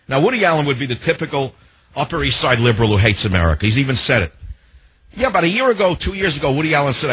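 Very husky-voiced combative radio host man. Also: mid-range voice, fairly bright tone, dry recording, low-quality recording. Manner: combative, emphatic, piles up rhetorical questions. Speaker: radio talk show host. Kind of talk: opinionated talk radio monologue.

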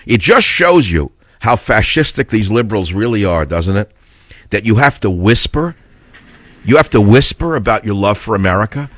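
A man's voice: on the low side, big pitch swings, moderate pace, a bit bright, no room sound. An older man hosting a talk radio show, blunt and combative, rambling through stories and opinions. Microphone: studio mic. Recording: dull, slightly lo-fi radio audio.

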